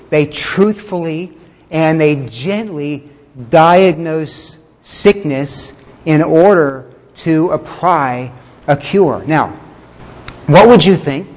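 A man preaching a sermon in a conversational way, with fillers, chuckles and slowed words for emphasis. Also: fairly high pitch, a little mellow, long reverb tail. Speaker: pastor.

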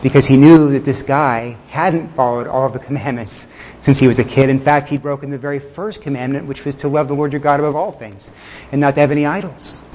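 A man preaching a sermon in a conversational way, with fillers, chuckles and slowed words for emphasis. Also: medium pitch, fairly even intonation, darkish tone, in a large hall, slight background noise. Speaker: pastor.

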